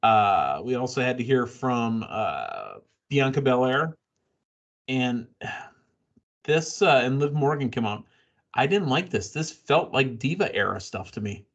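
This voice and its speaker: A man's voice: medium pitch, lively intonation, slow pace, highs cut off. A man hosting a casual wrestling podcast, blunt and opinionated, rambling through his takes. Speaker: podcast host.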